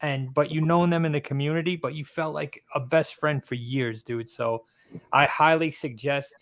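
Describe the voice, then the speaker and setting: A man in a casual podcast chat, giving animated advice and peppering it with "dude" and "man". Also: fairly high pitch, normal speed.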